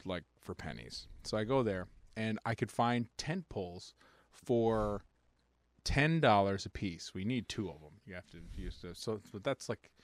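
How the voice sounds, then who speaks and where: A man's voice: fairly low pitch, lively intonation, a little slow, no echo. A man co-hosting a podcast in a loose, joking chat and laughing often. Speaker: podcast co-host. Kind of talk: casual chat.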